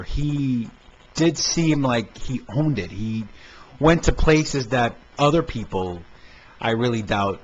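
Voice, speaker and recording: A man hosting a casual film review podcast, talking hesitantly with many fillers and restarts. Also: medium pitch. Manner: hesitant, stammering, lots of fillers. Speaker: podcast host. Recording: dull lo-fi amateur podcast recording with faint noise.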